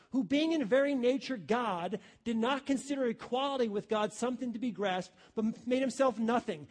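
High-voiced emphatic male preacher. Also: darkish tone. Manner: emphatic, repeats key phrases; addresses listeners as friends. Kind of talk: sermon.

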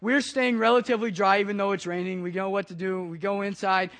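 A pastor delivers his sermon through a casual personal story. His voice sits high for a man, and he narrates with animated, chatty energy. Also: fast talker.

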